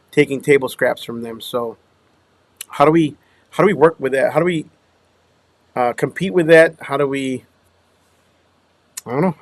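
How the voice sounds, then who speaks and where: A man's voice: fairly high pitch, dry recording. Rambling man hosting a livestream. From Minnesota. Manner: rambling, greets viewers by name, drops to mumbles often. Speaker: dumpster rental business owner hosting a livestream. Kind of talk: casual livestream chat. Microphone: small clip-on microphone.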